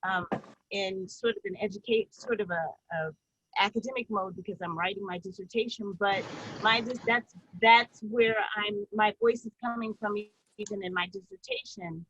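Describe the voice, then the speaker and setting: A woman's voice: mid-range voice, normal speed, fairly bright tone, husky, poor audio. A woman who is a doctoral student speaking effusively in a writing workshop over a video call, rambling as she praises. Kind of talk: casual chat.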